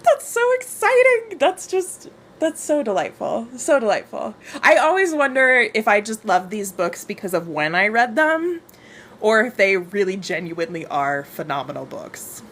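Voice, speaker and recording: A woman's voice: medium pitch, animated, moderate pace, fairly bright tone. A young woman hosting a casual livestream book club into a wireless mic, reading out viewer comments and gushing, often repeating her phrases. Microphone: wireless microphone.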